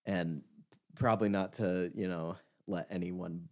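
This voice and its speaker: A man's voice: low-pitched, steady tone, unhurried. A young man co-hosting a podcast, telling a story in casual chat. He acts out the quoted lines and laughs often. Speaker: podcast co-host.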